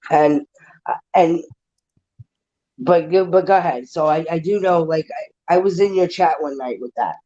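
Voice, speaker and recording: A woman's voice: deep voice, normal speed, long pauses, warm tone, highs cut off. Blunt, swearing woman on a livestream. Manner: blunt, emotional, swears freely. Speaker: livestream panel host. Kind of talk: casual livestream chat.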